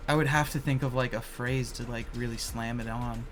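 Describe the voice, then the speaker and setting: A man's voice: mid-range voice, steady tone, brisk, soft background music. A man hosting a live stream, chatting casually and hesitantly with lots of fillers. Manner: hesitant, full of "um" and "like". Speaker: streamer host.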